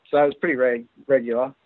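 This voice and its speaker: A man's voice: medium pitch, flat delivery, a little fast, no echo. A man with an Australian accent, a podcast guest telling his story in a casual, hesitant way with many fillers and restarts. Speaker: guest recounting an encounter. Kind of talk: casual phone interview storytelling. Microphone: phone call. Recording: tinny phone line, dry.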